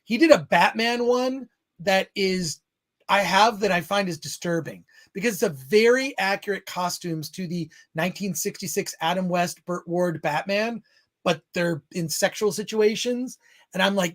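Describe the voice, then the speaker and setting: A man's voice: high voice, moderate pace. A man hosting a live-stream film podcast, rambling and joking as he reads chat comments aloud. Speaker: podcast host.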